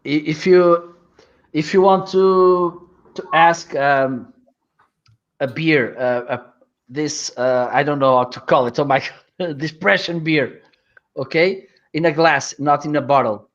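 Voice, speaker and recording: A man's voice: fairly high pitch, slow pace. Hesitant man from Portugal, muffled audio. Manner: searches for words, hesitant, many restarts. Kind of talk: casual group chat on a video call.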